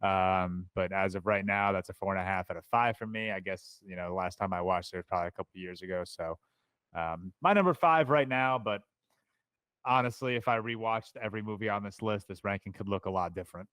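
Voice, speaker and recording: A man co-hosting a casual movie podcast, giving measured, reflective opinions. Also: low voice, fairly bright tone, smooth, dry recording. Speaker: podcast co-host. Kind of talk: casual movie-ranking chat.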